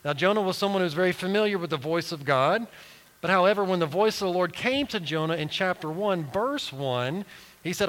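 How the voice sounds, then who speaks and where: A man's voice: sits high, animated, a little fast, fairly bright tone, in a large hall, low-quality recording. A man preaching a sermon, retelling a story with acted-out quotes and many restarts.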